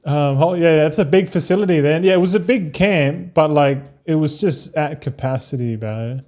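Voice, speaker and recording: An Australian man in his thirties streams a game and chats loosely with his viewers, rambling along in a relaxed way and swearing freely. His voice is fairly high and slightly mellow, moving at a moderate pace.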